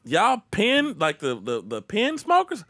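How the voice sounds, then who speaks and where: A man's voice: sits high, huge pitch swings, measured pace, bright, forceful tone, no room sound. A man who is a comedian, ranting profanely and animatedly in casual chat.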